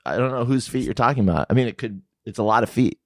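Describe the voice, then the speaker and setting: A man's voice: medium pitch, expressive, quick pace, no echo. A man co-hosting a podcast in a studio, chatting casually, joking and laughing often. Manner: jokey, rambling, laughs often. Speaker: podcast co-host. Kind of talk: casual chat.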